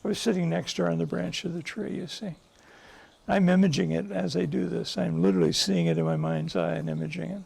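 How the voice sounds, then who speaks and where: An older man speaks to a group with a high voice full of grit and gravel. He tells stories earnestly and with emphasis, stopping to restart his sentences. His voice is husky. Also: expressive, brisk, darkish tone. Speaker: psychologist and guest speaker. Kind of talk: speaking to a live group, storytelling.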